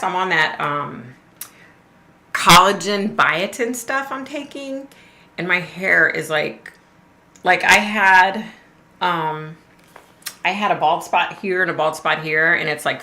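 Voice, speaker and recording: A woman's voice: lowish voice, unhurried, pushed and bright. A middle-aged woman hosting a live stream, telling a story in a casual, chatty way, swearing freely and laughing often. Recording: roomy echo.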